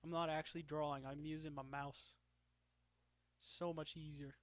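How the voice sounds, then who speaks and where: A man's voice: fairly high pitch, little pitch movement, moderate pace, no room sound. A man chatting casually while drawing, joking about himself and laughing often. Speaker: streamer.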